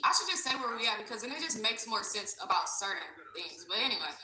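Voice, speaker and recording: A woman livestreaming, telling a story in an animated, profane, ranting way. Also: mid-range voice, fast, hardly any pauses, roomy sound, a little hiss or hum, rough recording. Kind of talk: casual storytime chat.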